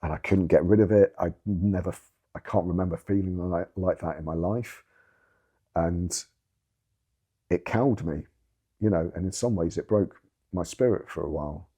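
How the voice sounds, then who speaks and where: A man with a low, husky voice, speaking in an interview. He tells his story candidly and earnestly, leaning hard on words and swearing for emphasis. His tone is dark and mellow. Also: moderate pace, long pauses. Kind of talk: candid personal testimony.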